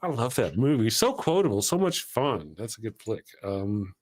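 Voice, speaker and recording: A man's voice: fairly low pitch, very animated, moderate pace. A man hosting a casual live chat, eagerly retelling movie scenes in a loose, rambling way. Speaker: show host.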